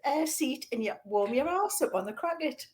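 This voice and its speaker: A woman co-hosting a podcast, bubbly and quick to laugh out loud. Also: sits high, lively intonation. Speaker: podcast co-host. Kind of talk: casual podcast chat.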